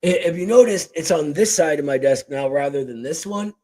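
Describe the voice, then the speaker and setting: Male host, casual and emphatic, joking asides, talking into a desk boom mic. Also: animated, a little fast, dark tone, rough recording. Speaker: show host. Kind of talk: casual political chat. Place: home desk. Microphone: boom-arm desk mic.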